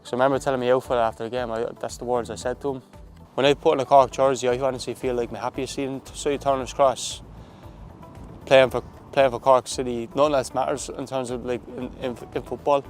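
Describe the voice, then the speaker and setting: Irish man, footballer, casual storytelling, loose rambling delivery, ordinary pitch. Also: flat delivery, fast talker, darkish tone, soft background music. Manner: chatty, full of "like" fillers and restarts. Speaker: footballer, guest.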